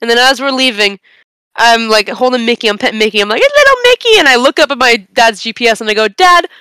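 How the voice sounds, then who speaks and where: A young woman on a casual podcast, telling a long story in an animated, rambling way with bursts of laughter. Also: a little high, quick pace, clear, resonant tone, no echo. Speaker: podcast co-host.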